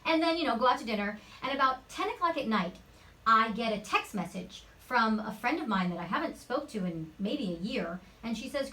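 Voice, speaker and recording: Actress guest, woman, higher-pitched, animated storyteller, mic a little far off. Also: a little fast. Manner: lively, chatty anecdotal storytelling. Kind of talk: interview storytelling. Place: home studio.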